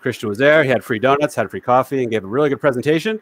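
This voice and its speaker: A man hosts a casual live stream over a video call, cracking dad jokes between topics. His voice sits at an ordinary middle pitch and sounds dry and close, with no room around it. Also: very fast, dry recording. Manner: jokey, tells dad jokes. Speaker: host.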